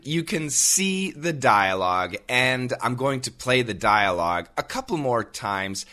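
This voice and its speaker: An American man teaches English in a podcast lesson. He talks slowly and clearly, repeating each phrase with a bright tone. His pitch swings up and down a lot.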